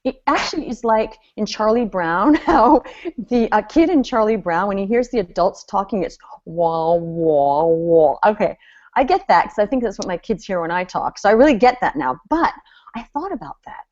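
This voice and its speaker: A woman business coach running an online seminar, animated and chatty, laughing often as she talks. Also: a little high, fairly quick. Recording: slightly dull lo-fi audio.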